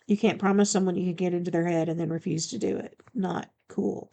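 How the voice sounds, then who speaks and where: A woman's voice: lowish voice, fairly even intonation, fairly quick, creaky, warm tone. A woman reading the part of a blunt, commanding male shifter bodyguard in an audiobook, speaking firmly and matter-of-factly.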